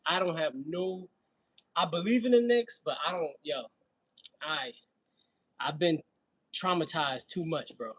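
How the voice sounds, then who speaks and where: A man's voice: fairly high pitch, measured pace, long pauses, fairly bright tone, low-quality recording. A man from Brooklyn with a New York accent, talking casually and laughing on a fitness livestream between sets. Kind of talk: casual livestream chat while working out.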